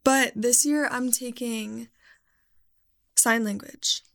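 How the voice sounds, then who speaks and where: Chatty young woman with vocal fry. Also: a little high, fairly even intonation, takes it slowly, a bit bright. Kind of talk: casual chat.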